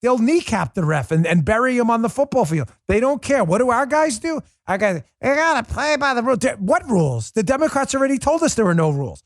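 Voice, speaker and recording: A man's voice: extremely high pitch, sing-song, brisk, hardly any pauses, no echo, studio quality. A man hosting a political talk show, delivering a heated, scornful monologue. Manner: combative, ranting, scornful.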